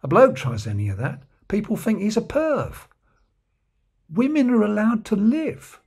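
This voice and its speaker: A man voicing a working-class bloke who confides in hushed tones, speaking. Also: high voice, very animated, unhurried, breathy edge, voice pushed up, exaggerated voice. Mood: eager.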